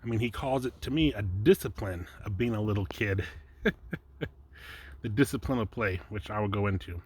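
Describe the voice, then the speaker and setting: A man's voice: fairly low pitch, moderate pace, slight background noise. A man giving an informal Bible teaching from his slides, chatty and rambling, breaking off often to chuckle. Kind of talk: casual home teaching with slides.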